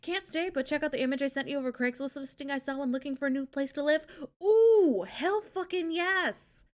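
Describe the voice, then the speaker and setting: A woman's voice: sits high, fairly even intonation, racing. A woman hosting a live stream, chatting casually, blunt and swearing, laughing often. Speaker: streamer host.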